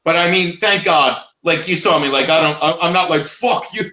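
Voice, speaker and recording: A man co-hosting a casual livestream chat, loud and swearing, laughing through his stories. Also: on the high side, a little fast. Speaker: co-host. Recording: echoey room.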